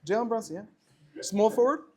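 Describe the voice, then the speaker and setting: A man teaching a lively Torah class to students, firing rhetorical questions and dropping to quiet explanation. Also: high-pitched, moderate pace. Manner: animated, swings between loud questions and quiet explaining, chats with students.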